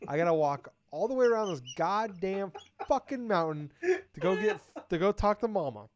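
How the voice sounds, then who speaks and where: A man co-hosting a podcast, chatting casually and breaking into profane, animated rants. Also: high voice, moderate pace, slight background noise. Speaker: podcast co-host. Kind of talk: casual chat. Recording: dull lo-fi recording.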